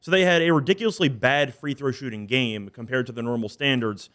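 Even, mid-pitched male panelist, methodical with stats. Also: fairly quick. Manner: methodical, explains picks with stats. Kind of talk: casual sports betting chat.

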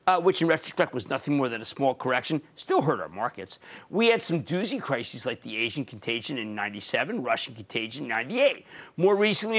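Animated male market commentator. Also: mid-range voice. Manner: animated, emphatic, punching key words. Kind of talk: emphatic market commentary monologue.

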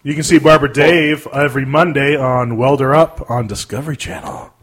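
A man hosting a podcast, joking around in casual chat with dark humor. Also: medium pitch, steady tone, moderate pace. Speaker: podcast host.

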